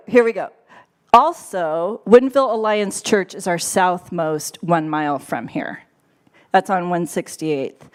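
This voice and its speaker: A woman's voice: medium pitch, clear, resonant tone. A woman on a church's staff giving a casual, playful sermon to a live congregation, chatty and laughing often. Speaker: church staff member preaching.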